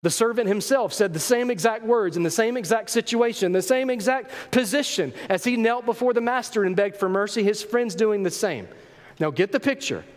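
A man preaching to his congregation with a high, bright-edged voice. He tells the story with animated emphasis and asks his listeners rhetorical questions. His voice rings with a long reverb, as in a large sanctuary. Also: a little fast. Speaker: pastor. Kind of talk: sermon.

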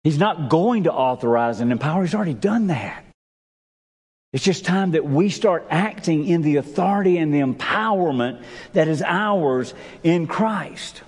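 A man preaching a sermon as pastor, emphatic, with big swings in pitch and pace. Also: expressive, moderate pace, darkish tone, slightly rough. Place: church sanctuary. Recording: long reverb of a church sanctuary.

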